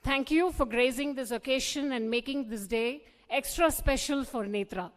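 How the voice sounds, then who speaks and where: A woman's voice: high voice, normal speed, a faint crowd. A woman, politely anchoring a formal stage event as master of ceremonies. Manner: polite, poised and welcoming. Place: large auditorium. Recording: long reverb of a live auditorium.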